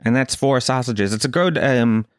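An Irish man with a Kerry lilt tells a rambling comic story, cursing freely and leaping up in pitch on the punchlines. His voice sits at a middling pitch, and the sound is dry and close, with no room echo. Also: normal speed. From Ireland, Tralee. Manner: swears a lot, animated rants with bursts of high pitch. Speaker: comedian. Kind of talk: stand-up style comic monologue.

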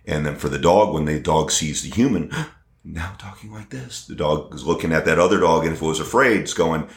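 Very deep-voiced, hesitant man in an echoey room. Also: a little fast. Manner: hesitant, many fillers and restarts. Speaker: dog trainer. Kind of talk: conversational interview. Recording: roomy echo.

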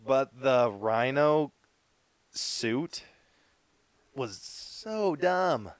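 A man co-hosts a podcast in relaxed, easygoing chat, leaning heavily on fillers like "like" and "dude." His mid-range voice is expressive and clear with a resonant tone, he draws out his words, and the recording is dry.

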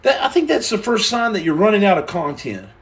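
A young man hosting a livestream from a room at home, answering viewer comments with boastful deadpan jokes and tall tales. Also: high voice, a little fast. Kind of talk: joking livestream chat.

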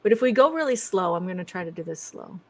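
A woman's voice: fairly low pitch, animated, quick pace. A woman being interviewed as a guest over a video call, chatty, breaking off her own sentences and laughing often.

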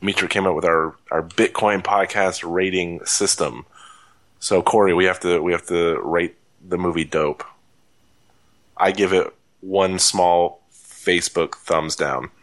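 A man hosting a podcast, giving dry, deadpan introductions to segments. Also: deep voice, measured pace. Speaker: podcast host. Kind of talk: casual banter, introducing segments.

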